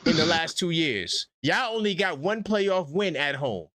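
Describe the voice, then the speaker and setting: A man's voice: fairly high pitch, lively intonation, measured pace, fairly bright tone, no room sound. A man hosting a live sports call-in show, trash-talking and laughing with callers in casual street slang.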